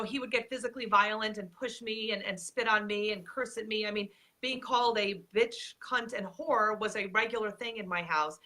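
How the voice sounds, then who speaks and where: A woman hosting a casual interview, recounting her own experiences in an earnest, steady way. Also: medium pitch. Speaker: host.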